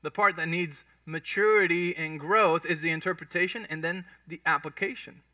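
Man, pastor, sermon, high bright voice, heard dry from a distance. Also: moderate pace, no echo. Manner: conversational, checks in with the congregation. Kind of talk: sermon teaching.

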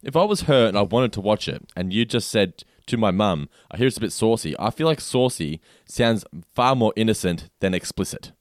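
A man with a lowish voice that swings widely in pitch teases his co-host in casual podcast banter. The recording is dry and close. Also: lively intonation, no echo. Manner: teasing, quick to laugh. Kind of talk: casual chat.

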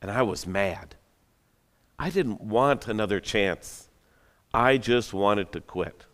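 Guy preaching, kinda low smooth voice, chatty and dramatic w little jokes, big echoey hall. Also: slow, a bit bright. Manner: conversational, dramatic, joking asides. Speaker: pastor. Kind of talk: sermon storytelling. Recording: long hall reverb.

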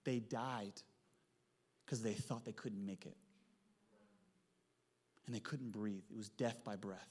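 A man, preaching a sermon in a church, telling stories with animated swings from loud to hushed. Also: lowish voice, slow, pauses often. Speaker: pastor. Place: church sanctuary. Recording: long hall reverb.

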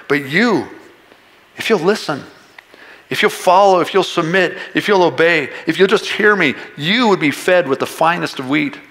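A man preaching a sermon as pastor, animated and rising to shouts to stress a point. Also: a little high. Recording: long reverb of a large hall.

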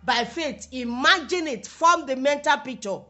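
Man with a super high bright voice, backing up the preacher with quick amens. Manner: short encouraging affirmations. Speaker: co-minister. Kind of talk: sermon responses and exhortation.

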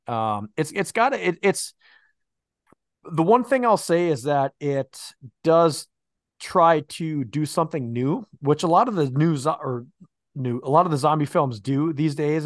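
A man's voice: medium pitch, dry recording, studio quality. A man co-hosting a casual podcast, laid-back and swearing as he talks through a zombie film review, fighting off hiccups and burps. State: hiccuping and burping. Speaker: podcast co-host. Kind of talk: casual movie review chat.

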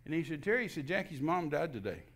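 An older guest minister from Texas tells a personal testimony in a folksy way, animatedly acting out the dialogue and restarting repetitively. His voice is a little high, and he talks quickly.

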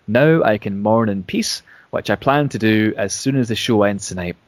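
A man's voice: on the low side, normal speed, no echo, natural voice. A scheming male wrestling executive delivering a formal statement, as a man reads it in his own plain voice. The sound is close and dry.

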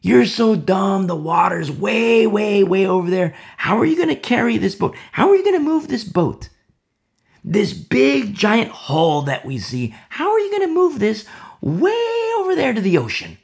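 A preacher putting on the voice of a mocking crowd of scoffers who taunt and jeer in a sing-song way. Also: male voice, high-pitched, sing-song, measured pace, creaky, voice pushed up, heavily acted. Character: jeering crowd of partying male scoffers.

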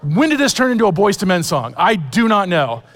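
A pastor in his forties preaches a sermon in a large hall, his high-pitched, somewhat bright voice swinging widely in pitch at a fairly quick pace. He tells personal stories with self-deprecating humor, with many fillers and restarts.

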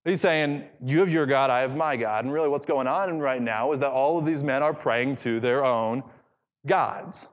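A man's voice: medium pitch, moderate pace. A man preaching an expository sermon, reading scripture aloud and repeating key phrases for emphasis. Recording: long hall reverb.

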